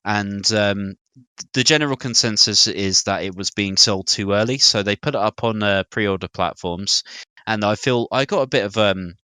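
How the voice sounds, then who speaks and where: Chatty British man with a bright, clear voice. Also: fairly low pitch, normal speed, no echo. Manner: chatty, hesitant with fillers, storytelling. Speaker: podcast co-host. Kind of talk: casual gaming news chat.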